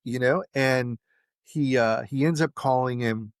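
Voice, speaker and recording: A man's voice: medium pitch, a little slow, clear, resonant tone, no room sound, clean studio sound. A man being interviewed, telling a story in a casual way and acting out the lines of the people he quotes. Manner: animated, acts out quoted dialogue. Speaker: interview guest.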